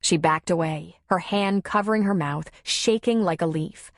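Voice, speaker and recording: Woman, audiobook narrator, lowish voice, measured storytelling, dry sound. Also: no echo. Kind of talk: scripted narration.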